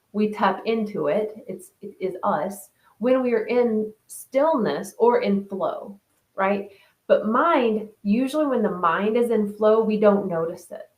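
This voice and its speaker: A woman hosts a casual reflection session for an online group. She talks in a loose, conversational way, reading out comments from participants and answering them. Her voice sits at a middle pitch and has a clear, roomy echo. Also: a little mellow. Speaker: wellness group host.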